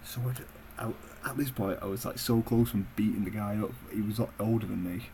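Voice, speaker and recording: A young man tells a story in a low-pitched voice, blunt and full of swearing. He talks to the camera in a casual, conversational way, with some faint background hiss. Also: a little fast, dark tone, rough recording. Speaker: vlogger. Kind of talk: profane storytelling rant.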